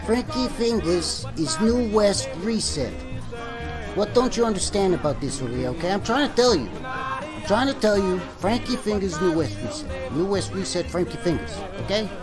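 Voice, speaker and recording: A man's voice: sits high, expressive, normal speed, over music, pitched above the performer's own voice. A man voicing a pushy, exasperated finger-puppet man who keeps repeating himself. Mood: insistent. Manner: insistent, repeating himself, rising to shouts.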